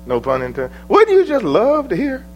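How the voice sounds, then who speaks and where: A man preaching a sermon in a high, lively voice that swings from soaring questions to quiet, low asides. A faint electrical hum runs underneath the recording. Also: moderate pace. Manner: preaching with rising emphatic questions and sudden soft drops.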